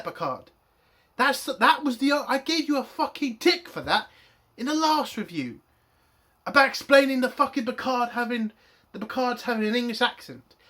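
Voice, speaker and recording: A man's voice: very high-pitched, pushed and bright. A man reviewing a TV episode in an angry, profane rant. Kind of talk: spoken TV review.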